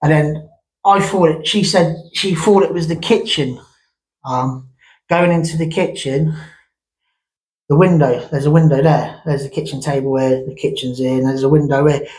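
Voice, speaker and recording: A man's voice: a little high, steady tone, moderate pace, darkish tone, low-quality recording. A man with a slightly raised speaking voice tells a ghost story about his old family home. He rambles and circles back, restarting sentences and adding casual asides as he goes. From England. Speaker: vlogger.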